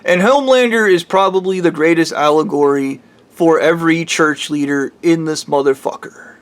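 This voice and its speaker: A man's voice: on the high side, normal speed. A man ranting heatedly in a rambling, profane vlog monologue. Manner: heated, rambling, swears freely. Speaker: vlogger.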